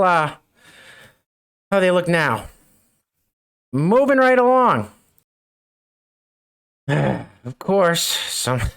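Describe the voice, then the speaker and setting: Sarcastic middle-aged man with lively pitch. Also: creaky, clean tone. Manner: sarcastic, chuckling asides. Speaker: show host. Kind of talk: mocking news commentary.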